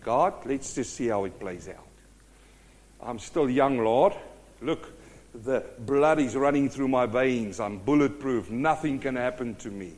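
A man's voice: mid-range voice, unhurried, a little mellow, voice pushed down, natural voice. A preacher voicing a complacent young man who boasts that he is bulletproof. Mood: smug. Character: cocky young man putting off God.

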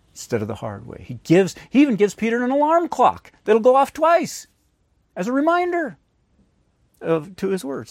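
Animated male preacher, lively pitch. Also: vocal fry, no room sound. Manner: animated preaching, acts out the voices in his stories. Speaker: pastor. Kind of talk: sermon.

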